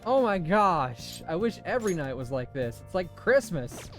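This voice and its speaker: Chatty streamer with a lively voice. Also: medium pitch, moderate pace, soft background music. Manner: chatty, self-amused, rambling. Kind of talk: casual game stream commentary.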